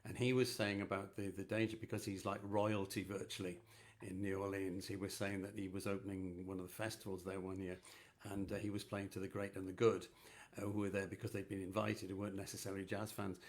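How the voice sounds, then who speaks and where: A man's voice: deep voice, little pitch movement, brisk. A man hosting a conversation, telling anecdotes in an affable way. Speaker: host. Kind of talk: conversational interview.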